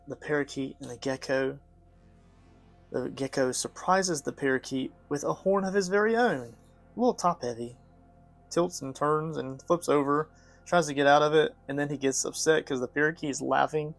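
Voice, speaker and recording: A man who is both a father and an art studio host reads a picture book aloud in a gentle, measured voice pitched on the high side. He chats with viewers while he paints.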